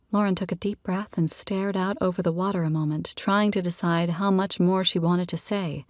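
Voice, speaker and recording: Audiobook narrator: woman, lower register, measured, dry booth sound. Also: no echo. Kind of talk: scripted narration.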